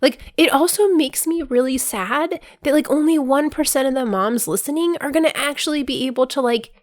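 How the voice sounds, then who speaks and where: A woman hosting her own podcast, talking casually in a voice hoarse from being sick, filling her sentences with "like" and breaking into bursts of excitement. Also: high-pitched, normal speed, no echo, studio quality. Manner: chatty, fills with "like", bursts of excitement. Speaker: podcast host. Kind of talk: casual solo podcast monologue.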